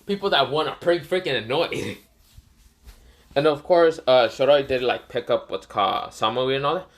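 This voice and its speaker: A man's voice: medium pitch, moderate pace. A man casually retelling a fan story, rambling with many fillers and self-corrections.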